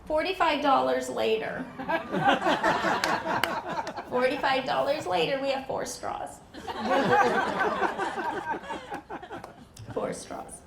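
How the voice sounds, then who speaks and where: Woman, stand-up comedian, high lively voice, roomy noisy outdoor recording. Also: slow pace, pauses often. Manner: animated storytelling with quoted voices. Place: outdoor backyard show. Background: audience laughter.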